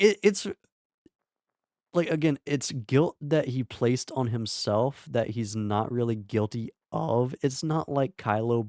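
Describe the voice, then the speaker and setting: A young man wrapping up a live game stream, rambling and swearing, breaking into laughing yells as he rants about the ending. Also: medium pitch, no echo, clean studio sound. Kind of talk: casual live-stream wrap-up commentary.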